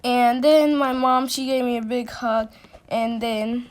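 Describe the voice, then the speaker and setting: A woman telling a personal story in a casual storytime, halting often with restarts and fillers. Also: fairly high pitch, fairly even intonation, slight background noise.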